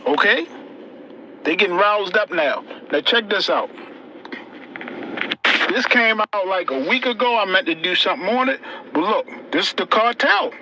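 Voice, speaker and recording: A man hosting casual commentary in an animated, urgent, slangy way. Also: sits high, moderate pace, pauses often, background noise. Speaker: channel host.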